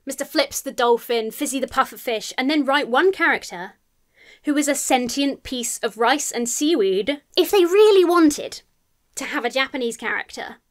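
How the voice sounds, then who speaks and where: A woman's voice: high-pitched, animated, moderate pace. A woman giving a scripted film review, sarcastic and exasperated, swearing freely.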